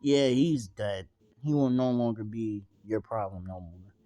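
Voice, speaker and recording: A man's voice: lowish voice, a little slow, warm tone, no echo, close to an everyday voice. A man voicing a cocky young pirate captain in a fan storytelling video, speaking bluntly and offhandedly. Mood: offhand.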